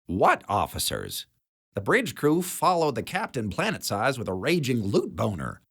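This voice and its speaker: A man narrating a sci-fi audiobook chapter in a steady, measured way. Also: mid-range voice, vocal fry, breathy edge. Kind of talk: scripted narration.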